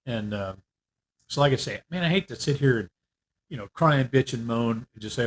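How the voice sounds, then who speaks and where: An older man giving a casual, candid video update on his treatment. He rambles a little, fills pauses often, and sounds worn out. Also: medium pitch, expressive, slight background noise. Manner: candid, rambling, with frequent fillers. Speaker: vlogger. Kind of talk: casual personal health update.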